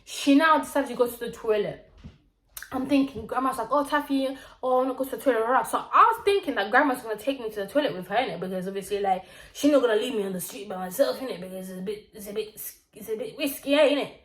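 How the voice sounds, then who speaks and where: A young woman tells a storytime on her vlog, full of slang and lively asides. Her voice sits a little high. The room gives it a noticeable echo. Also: fast. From Zimbabwe. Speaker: vlogger. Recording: roomy echo.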